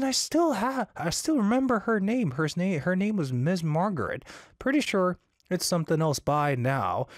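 A man's voice: dry recording, studio quality. A man hosting a casual radio show, reading listener messages in a chatty, upbeat way. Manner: chatty and upbeat, animated swings in pitch.

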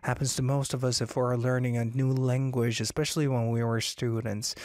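A man's voice: normal speed, dry recording, studio quality. A man hosting a casual radio show, reading listener messages in a chatty, upbeat way. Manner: chatty and upbeat, animated swings in pitch.

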